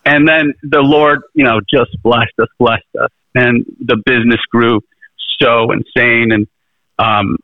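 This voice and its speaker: A man's voice: medium pitch, fairly even intonation, a little slow, dry recording. A middle-aged man, a guest in an interview, telling his story in an earnest, rambling way full of restarts and fillers. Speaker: interview guest, presidential candidate. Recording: tinny phone-like line, dry.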